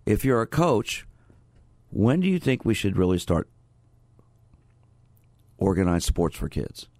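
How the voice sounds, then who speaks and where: Deep gravelly male radio host. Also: measured pace, dry recording. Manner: conversational, steady, repeats call-in details. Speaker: radio host, sports psychologist. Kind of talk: radio call-in show talk. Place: radio studio.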